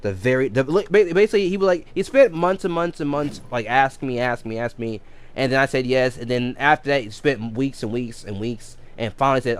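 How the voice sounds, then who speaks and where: Guy on a game stream telling a long story, mid-pitched voice, keeps restarting his sentences. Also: a little fast, clean tone. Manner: rambling, many restarts and self-corrections. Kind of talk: casual storytelling on a livestream.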